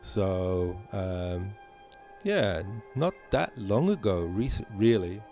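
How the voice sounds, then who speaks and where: A man with a very deep voice talks casually to his stream chat while he plays. His tone is mellow and dark, and he rambles along with plenty of fillers. Soft music plays behind him. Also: animated, drawn-out words. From Malta. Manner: rambling, chatty, many fillers. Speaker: gaming streamer.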